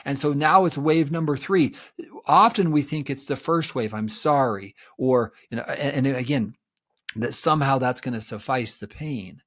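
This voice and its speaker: A man's voice: medium pitch, normal speed, a bit bright. Earnest man explaining with repeated restarts. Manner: earnest, repeats words when starting a thought. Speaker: guest expert on betrayal recovery. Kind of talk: explanatory interview talk.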